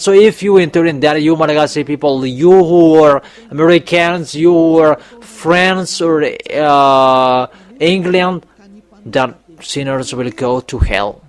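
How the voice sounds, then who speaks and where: Emphatic preacher man, higher voice. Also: slow. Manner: emphatic, often rising to loud exhortations. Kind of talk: sermon.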